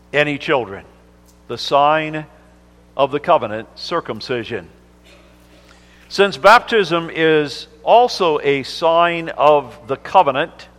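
A pastor preaching a Sunday sermon, reading scripture slowly and stressing words with emphasis. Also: male voice, on the high side, a bit bright. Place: church sanctuary. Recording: long church reverb.

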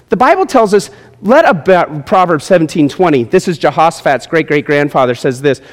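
A man preaching a sermon, moving between quiet asides and loud, emphatic points. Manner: animated preaching, swinging from low asides to shouted points. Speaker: pastor. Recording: long hall reverb.

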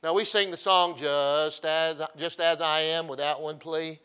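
Preaching with folksy humor, this middle-aged pastor alternates between loud, punchy emphasis and quiet, story-like asides. His voice is bright, forceful, clear, and resonant, somewhat high for a man, with fairly even intonation and a measured pace.

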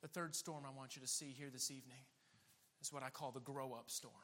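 A man's voice: mid-range voice, fairly quick. A man preaching a sermon, laughing often and acting out the people in the story. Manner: animated, laughing often, acting out quoted voices. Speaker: pastor.

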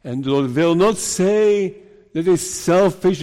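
A man preaching an earnest sermon as minister, with slow deliberate delivery and emphatic rises. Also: high-pitched, mellow, in a large hall.

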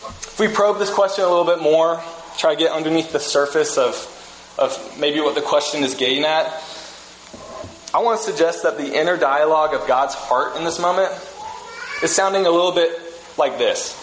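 Man, pastor, conversational sermon, slightly high voice, echoey hall. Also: normal speed, slight background noise. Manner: relaxed, storytelling, frequent restarts. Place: church sanctuary. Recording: echoey room with faint ambience.

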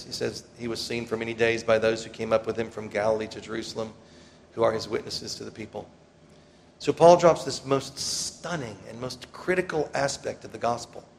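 A man preaching a sermon as pastor, swelling loudly when he quotes scripture and dropping low between points. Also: vocal fry. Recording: reverberant hall, faint ambient noise.

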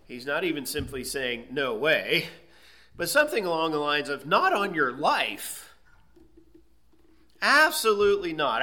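A pastor with a mid-range, sharp-toned voice preaches an expository sermon. He teaches emphatically and poses rhetorical questions.

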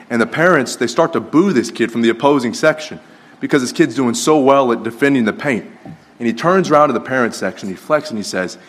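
A man preaches a sermon at a brisk clip. He talks in a loose, conversational way, telling stories and often restarting his sentences. His voice sits at an ordinary pitch for a man. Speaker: pastor.

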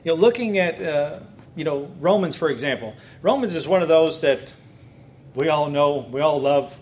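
A pastor gives a casual teaching talk on preaching, speaking conversationally and turning excited as he goes. His voice sits a little high for a man. A faint hiss runs under the recording. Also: normal speed. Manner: lively and conversational, with bursts of excitement.

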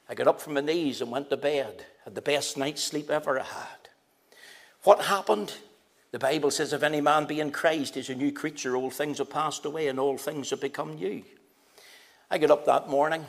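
A middle-aged man, a preacher, telling his conversion story in a sermon, acting out the dialogue and slowing down for emphasis. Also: on the high side, creaky. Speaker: preacher giving testimony. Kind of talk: sermon testimony.

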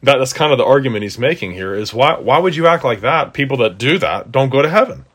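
A man's voice: mid-range voice, animated, quick pace, fairly bright tone, breathy edge. A man preaching an expository sermon, earnest and conversational, with emphatic rises on key points.

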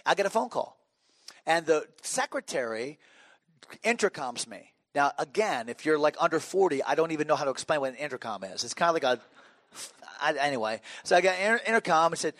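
A middle-aged pastor preaches a sermon, telling humorous stories in a conversational way and restarting often. His voice is a little high and fairly quick, with lively intonation and a slightly bright tone. There's no echo.

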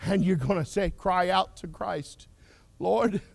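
A male preacher delivering an impassioned sermon, swinging from loud declarations to hushed whispers. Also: high-pitched, slow, vocal fry, no room sound.

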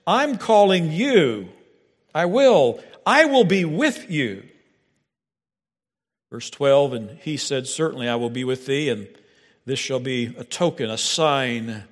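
Animated male preacher in a reverberant hall. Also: fairly high pitch. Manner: animated, dramatic scripture reading with stammering asides. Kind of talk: sermon.

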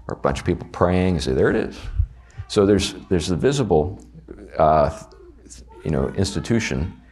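Southern male Bible teacher, low voice with lively inflection, chatty classroom delivery. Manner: conversational, animated, asks the class questions. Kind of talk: teaching a class on a confession of faith.

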